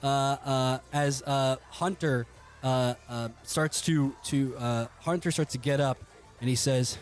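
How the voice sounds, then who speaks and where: A man's voice: medium pitch, fairly even intonation, takes it slowly, soft background music. A man running a tabletop game as game master, narrating in a rambling way full of fillers and laughs.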